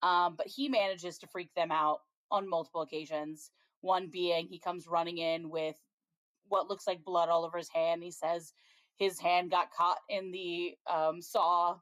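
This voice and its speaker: Chatty woman, low voice, very dry sound. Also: a bit bright, no room sound. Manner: chatty, frequent ums, laughs while retelling scenes. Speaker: podcast co-host. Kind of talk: casual chat, recapping a TV episode.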